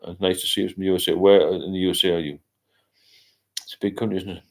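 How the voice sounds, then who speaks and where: A man's voice: low-pitched, fairly even intonation, fast talker. An older man, hosting a casual late-night livestream and rambling as he reads out viewer comments. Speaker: livestream host.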